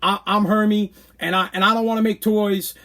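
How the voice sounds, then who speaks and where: Podcast host, man in his thirties, high voice, worked-up casual rant. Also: brisk. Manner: animated, exasperated ranting. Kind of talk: casual ranting monologue.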